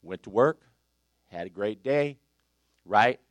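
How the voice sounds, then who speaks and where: An older man preaching a sermon, animated and exclaiming with laughter and praise. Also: on the low side, takes it slowly, no room sound, lo-fi sound.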